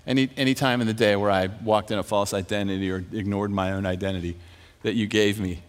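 A preacher telling a story in a sermon. He is animated and self-mocking, and he often laughs as he talks. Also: on the low side, fast, smooth.

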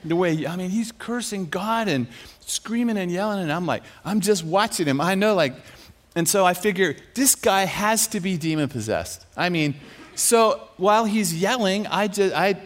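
A preacher telling a story in a sermon. He is animated and self-mocking, and he often laughs as he talks. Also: high-pitched, normal speed.

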